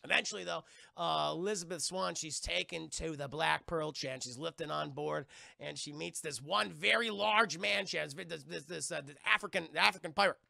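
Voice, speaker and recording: Gravelly high-voiced man ranting a movie recap. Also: normal speed, bright, forceful tone, no echo. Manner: rambling, swears constantly, acts out characters. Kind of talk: profane comic movie recap.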